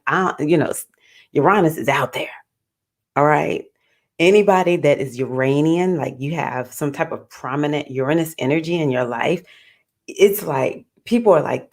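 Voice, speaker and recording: A woman hosting a casual astrology livestream, talking in an animated, playful way and laughing often. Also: deep voice, normal speed. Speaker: astrologer, host.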